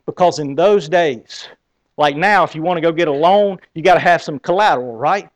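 A man with a Southern accent preaching a sermon, telling a story with lively acted-out scenes. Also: on the high side, normal speed, dry recording. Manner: animated storytelling, acting out scenes. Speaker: pastor.

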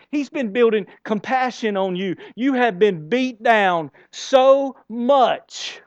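A man preaching a sermon, telling the story in a conversational way and swinging between hushed and loud, emphatic passages. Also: high voice, no room sound, muffled recording. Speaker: pastor. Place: church.

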